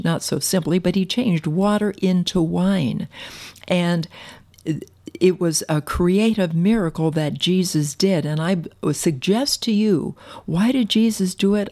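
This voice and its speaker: A woman preaching a sermon, earnestly quoting scripture in old-fashioned wording, with some halting restarts. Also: lowish voice, warm tone. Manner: earnest, quotes scripture in King James wording.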